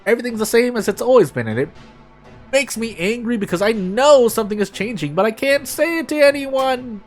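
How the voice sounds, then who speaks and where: A man voicing a lonely, anxious young woman office worker reading her own diary entries, with lively emphasis. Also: very high voice, brisk, soft background music, voice pushed up. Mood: excited, uneasy.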